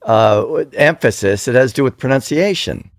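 A man's voice: medium pitch, lively intonation, moderate pace, gravelly, no room sound, clean studio sound. A man chatting casually on a podcast, earnestly correcting the others. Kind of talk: casual chat.

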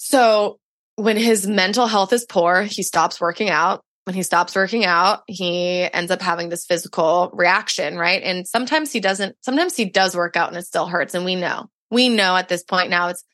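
On a podcast, a young adult woman with a lowish, slightly bright voice shares a personal story at normal speed. Her chatty storytelling leans heavily on "like," and the studio recording is clean without echo.

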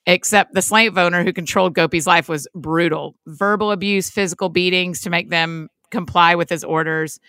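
A podcast co-host with a fairly low, pushed, bright voice chats casually and reads a sponsor story in a chatty way, laughing along. The recording has no room sound.

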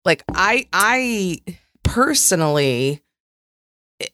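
A woman's voice: medium pitch, sing-song, extremely slow, a bit bright, no room sound, clean studio sound. A woman co-hosting a podcast in casual chat, hedging and qualifying her points as she goes. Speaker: podcast co-host.

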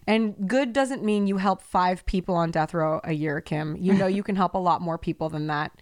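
A woman's voice: fairly low pitch, moderate pace, no room sound, studio quality. A young woman co-hosting a casual chat show, telling stories with lots of swearing and acted-out quotes. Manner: animated storyteller, swears freely, acts out quotes. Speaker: podcast co-host.

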